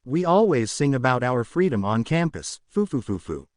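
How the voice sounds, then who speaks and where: A man's voice: medium pitch, sing-song, normal speed, darkish tone, dry recording, clean studio sound, lightly acted. A man voicing a flamboyant, teasing adult female hero who referees a school tournament in a fan-fiction reading.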